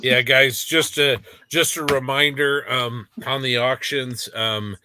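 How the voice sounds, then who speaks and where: A man's voice: medium pitch, slow pace, slight background noise. A man hosting a casual model-building livestream, chatting loosely with lots of fillers. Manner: relaxed, filler-heavy announcements. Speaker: livestream host.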